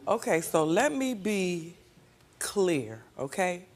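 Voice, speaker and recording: A woman's voice: fairly low pitch, very animated, takes it slowly. An older woman, a grandmother on a talk show, defending herself and cutting in with repeated protests. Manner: defensive, interrupting with repeated "hold on". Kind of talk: defensive argument.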